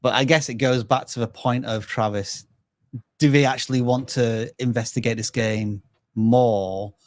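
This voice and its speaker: A man hosting a live channel review, thinking aloud and giving measured advice. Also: mid-range voice, steady tone. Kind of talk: casual live-stream review.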